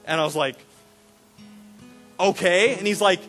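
A man preaching a sermon as a pastor, animated and repetitive when excited, acting out the voices in his stories. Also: high-pitched, a little slow, faint music behind. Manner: animated storytelling, acts out quoted voices; repeats words and restarts when excited.

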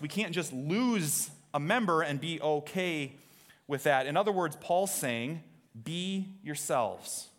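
A man's voice: on the high side, fairly bright tone. A man preaching a sermon from a church stage, talking in a conversational, joking way and quizzing the congregation. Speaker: pastor.

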